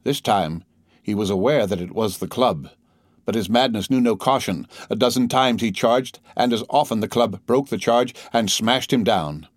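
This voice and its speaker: A man reading an audiobook in measured, dramatic storytelling. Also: fairly low pitch, dry recording, studio quality. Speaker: audiobook narrator. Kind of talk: scripted audiobook narration.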